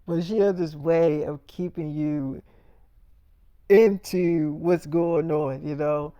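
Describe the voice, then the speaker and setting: A man with a mellow, darker voice tells a rambling story, circling back and padding it with "you know" and "I mean". The sound is dry and close, with no room around him. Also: fairly high pitch, fairly even intonation, slow pace, smooth, no echo, muffled recording. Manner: loose, repetitive, full of "you know". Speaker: vlogger.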